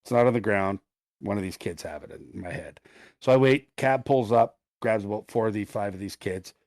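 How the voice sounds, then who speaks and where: Guy on a podcast, low voice, cussing a lot, dead dry room. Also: normal speed, no echo. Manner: profane, animated storyteller. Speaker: podcast co-host. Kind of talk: casual storytelling chat.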